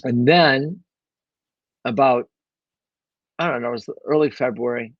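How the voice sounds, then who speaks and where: A man's voice: mid-range voice, a little slow, no echo, highs cut off. A man telling his story as an interview guest, rambling along with lots of fillers and restarts. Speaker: guest, real estate investor. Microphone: own microphone.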